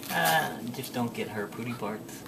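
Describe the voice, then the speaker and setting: A man's voice: medium pitch, lively intonation, a little slow. A man and new father at home, asking unsure questions as he changes a diaper. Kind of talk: casual home chat. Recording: home video with household noise.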